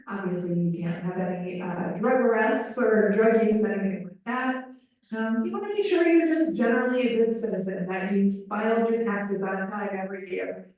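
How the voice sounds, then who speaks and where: A woman's voice: mid-range voice, a little mellow. Woman voice interpreter for a live panel, conversational with "um"s, heard from far off in a very echoey room. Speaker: sign language voice interpreter.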